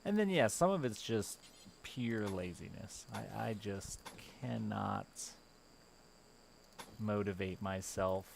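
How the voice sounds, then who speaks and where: A man live streaming a game, chatting casually with a sardonic, self-deprecating manner and a gravelly voice. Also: lowish voice, animated, slow pace, slight background noise. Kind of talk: casual chat while playing a game on stream. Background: game music.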